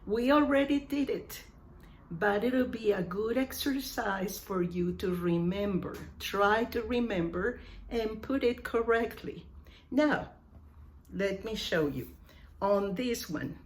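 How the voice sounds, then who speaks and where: A woman's voice: a little high, lively intonation, takes it slowly. A woman English teacher giving a lesson, saying each phrase carefully and repeating it for her learners.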